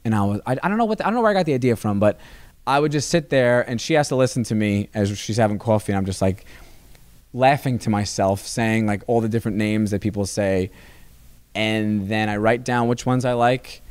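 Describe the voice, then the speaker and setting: A man, a stand-up comedian, chatting as a podcast guest in a rambling, animated way with many restarts. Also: mid-range voice, fairly quick, clean tone, no echo. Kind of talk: casual interview chat. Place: comedy club.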